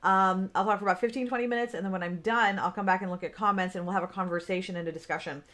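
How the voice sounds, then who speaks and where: A woman's voice: mid-range voice, fairly even intonation, racing, a bit bright. Chatty woman livestreaming to viewers. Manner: chatty, greets viewers by name, many fillers. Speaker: business coach hosting a livestream. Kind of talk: unscripted livestream talk.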